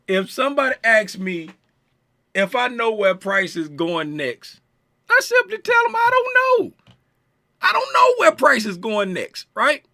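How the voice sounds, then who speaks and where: A man's voice: high-pitched, pushed and bright. A man teaching a live-streamed trading chart lesson, playful and teasing, repeating himself and talking to his chat viewers. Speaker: trading coach.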